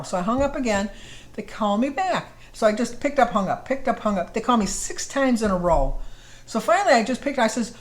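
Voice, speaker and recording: A woman's voice: a little high, expressive, a little fast. An older woman vlogger telling a rambling, exasperated story in a casual chat to camera. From United States. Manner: chatty, exasperated, rambling with restarts.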